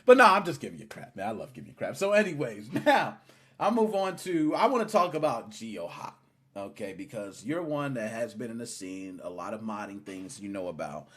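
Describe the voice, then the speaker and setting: A man hosting a casual gaming podcast, teasing his guest in an animated, playful way. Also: lowish voice, fairly quick, breathy edge. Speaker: podcast host.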